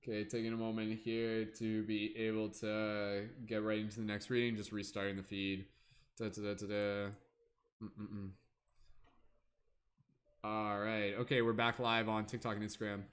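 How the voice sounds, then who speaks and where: A man's voice: on the low side, completely flat delivery, moderate pace. Chatty man hosting a livestream. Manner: chatty, playful, hums and scats while waiting. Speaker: livestream host. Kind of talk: casual livestream chat.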